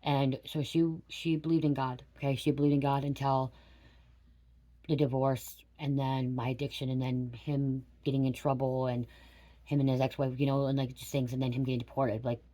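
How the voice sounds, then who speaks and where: A woman's voice: extremely low pitch, flat delivery, normal speed, warm tone. A middle-aged woman giving a casual spiritual reading to camera. She rambles, swears bluntly and keeps checking in with "okay?". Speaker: tarot reader.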